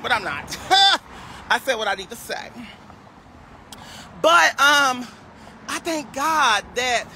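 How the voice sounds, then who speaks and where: High, bright-voiced sassy man livestreaming. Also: slight background noise. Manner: sassy, preachy clapback delivery. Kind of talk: casual livestream rant.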